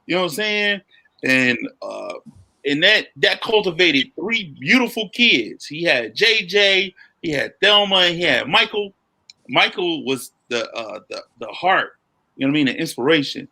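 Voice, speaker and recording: A man's voice: a little high, very animated, normal speed, creaky, bright, forceful tone. A man co-hosting a podcast, telling stories in a casual chat with lots of animation and "you know what I'm saying". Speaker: podcast co-host.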